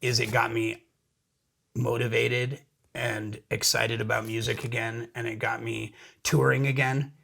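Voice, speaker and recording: A middle-aged man, a musician guest, telling stories in a casual interview, profane and energetic with frequent restarts. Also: medium pitch, a little slow, vocal fry, a little hiss or hum.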